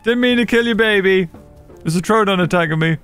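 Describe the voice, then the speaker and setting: A man giving casual gameplay commentary, excitable and laughing often as he talks to other players. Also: high voice, a little fast, clear, resonant tone, faint music behind. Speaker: gaming channel host.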